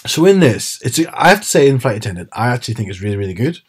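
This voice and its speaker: A man's voice: medium pitch, big pitch swings, very fast, husky. A man chatting casually as a podcast co-host, retelling TV scenes with quoted lines. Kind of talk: casual chat.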